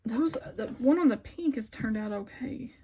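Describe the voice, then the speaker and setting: Lady doing a quilting video, kinda high voice, grumbling at her block, machine noise in the back. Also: animated, normal speed. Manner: talks to herself, frustrated and rambling. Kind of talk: casual sewing tutorial. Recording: sewing machine noise behind.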